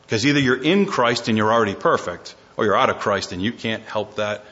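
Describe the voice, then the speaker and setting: On a muffled, lo-fi recording, a man with a lowish voice and fairly quick pace delivers a sermon as a pastor. He reads scripture and acts out quotes with dramatic vocal shifts, his animated preaching climbing almost to shouting.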